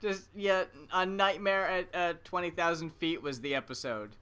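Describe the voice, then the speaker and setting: A co-host talking loosely on a podcast, backtracking while trying to recall old TV episodes. The voice is mid-pitched with a bright edge. Swearing and laughter come easily. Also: fairly even intonation, moderate pace. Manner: rambling, laughs along, swears casually. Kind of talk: casual chat.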